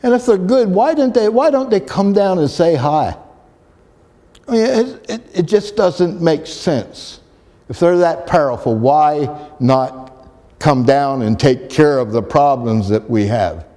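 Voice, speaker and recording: A man's voice: a little high, animated, a little slow, mellow, big-room sound. A man recounting a personal experience in a rambling way, with many restarts and repetitions. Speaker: storyteller. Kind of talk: personal storytelling.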